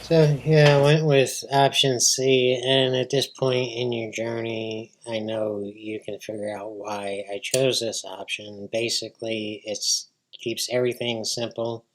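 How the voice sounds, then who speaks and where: A man's voice: mid-range voice, flat delivery, a little slow, few pauses, poor audio. A middle-aged man walks through pool shots in a casual, plainspoken way. He keeps it loose and folksy, with a joke here and there. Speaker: pool instructor. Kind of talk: casual instructional narration.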